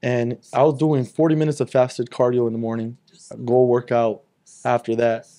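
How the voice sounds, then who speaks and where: Young guy rambling through a story, cussing, mid pitched voice. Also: little pitch movement, normal speed, warm tone. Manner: rambling, swears freely, acts out quoted talk. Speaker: guest. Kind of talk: casual storytelling chat.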